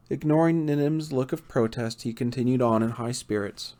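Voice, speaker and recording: Male audiobook narrator, mid-pitched, playful and lively with character voices. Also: normal speed, few pauses.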